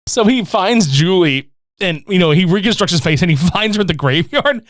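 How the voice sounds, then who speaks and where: Man, podcast co-host, casual movie chat, swings his pitch a lot, dry sound. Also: moderate pace, no echo. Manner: animated, profane, acts out scenes in voices.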